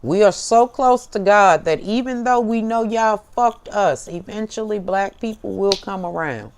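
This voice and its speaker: A woman's voice: mid-range voice, unhurried, slight background noise. An American woman hosting a tarot show, giving a fiery, profane, preachy monologue to camera and calling her listeners baby. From United States. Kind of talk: impassioned direct-to-camera monologue.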